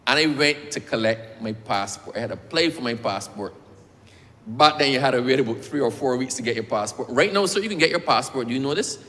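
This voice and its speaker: A man's voice: medium pitch, a bit bright. A man speaking in parliament, telling a personal story while presenting a bill and repeatedly addressing the chair as sir. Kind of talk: parliamentary speech with personal anecdote. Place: parliament chamber. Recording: reverberant debating chamber.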